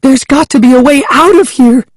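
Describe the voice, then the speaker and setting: A man's voice: a little fast, no room sound, studio quality. A man voicing a frightened, breathless young girl. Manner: breathless and high, crying out in alarm.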